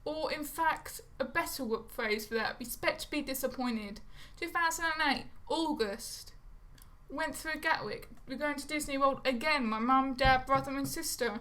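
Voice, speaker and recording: A young Englishwoman talking straight into a camera held close, in a bright, forward voice pitched a little high. She rambles, goes off on tangents, mocks herself and swears casually. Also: normal speed. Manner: chatty, rambling, swears casually, self-mocking. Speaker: vlogger. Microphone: phone or camera close to her face.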